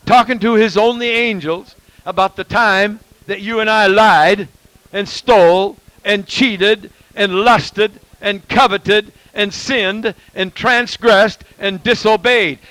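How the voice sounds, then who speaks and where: Male preacher, high voice, dry close sound; delivers an emphatic sermon that swings loud and soft. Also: dry recording, poor audio.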